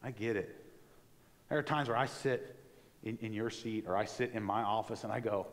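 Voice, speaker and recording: A man preaching a sermon in a church in a conversational, animated way, acting out little asides as he goes. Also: on the low side, moderate pace, big-room sound. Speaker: pastor. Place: church sanctuary.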